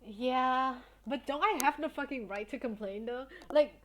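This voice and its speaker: A woman's voice: high-pitched, a little slow, a little hiss or hum. A young woman streamer chatting casually with her viewers, telling a story in a blunt, indignant way and swearing often.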